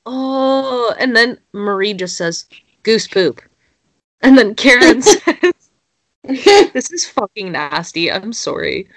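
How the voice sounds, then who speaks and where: Young gal reading posts out loud, keeps cracking up, swears a lot, slow easy pace. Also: female voice, a little high, big pitch swings, no room sound. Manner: giggly, swears freely, breaks into laughter while reading. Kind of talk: casual chat, reading social media posts aloud.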